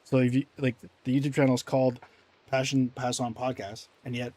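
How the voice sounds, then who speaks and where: A man's voice: mid-range voice, level tone, a little fast, mellow. Rambling male gaming streamer. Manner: rambling, self-deprecating, reading chat. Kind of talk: casual gameplay commentary.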